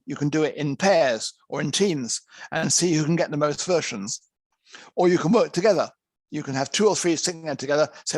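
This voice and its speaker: A man teaching conference interpreters in an online lecture, speaking in lively, emphatic short phrases with some restarts. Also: on the high side, dry recording. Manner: lively, emphatic, counts out examples.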